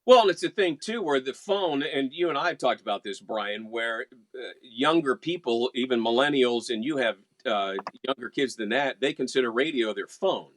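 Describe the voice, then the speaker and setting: A man's voice: mid-range voice, lively intonation, moderate pace, hardly any pauses, a bit bright, dry recording. A man from West Virginia, a veteran radio announcer co-hosting a casual chat show, talking in an easygoing, wry, teasing way.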